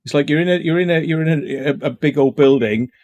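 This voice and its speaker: A man's voice: fairly high pitch, fast, a little mellow, lo-fi sound. A man joking around as a guest in a casual stream chat. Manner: jokey, silly.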